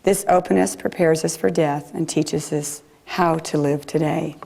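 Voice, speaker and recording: A woman preacher giving a gentle, reflective sermon in a chapel. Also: low voice, fairly even intonation, a little slow, creaky.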